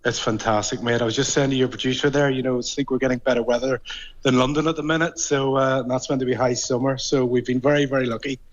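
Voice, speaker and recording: A man's voice: mid-range voice, fairly even intonation, fast talker. Belfast man on a dull lo-fi line. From Northern Ireland. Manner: hesitant, many ums and restarts. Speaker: guest rugby journalist. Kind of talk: casual radio interview chat.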